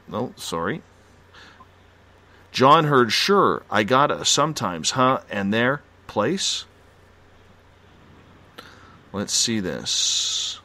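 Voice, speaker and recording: A male radio host running a live call-in show, haltingly reading listener reports one after another. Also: mid-range voice, pushed and bright, no echo.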